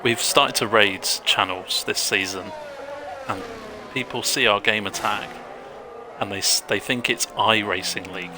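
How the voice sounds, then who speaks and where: Low-voiced joking male co-commentator. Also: a little slow, background noise. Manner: joking, chatty storyteller. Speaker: race co-commentator. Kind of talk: live sim racing commentary.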